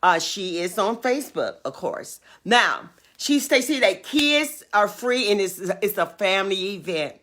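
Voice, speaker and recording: An older woman hosting a casual livestream, making emphatic, drawn-out announcements and urging viewers to come along. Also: mid-range voice, sing-song, a bit bright. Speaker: livestream host.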